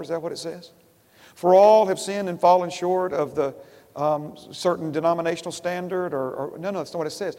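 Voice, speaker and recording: A man's voice: on the high side, fairly quick, mellow, long reverb tail. A man preaching a sermon as pastor to his congregation, repeating phrases and asking them questions. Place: church sanctuary.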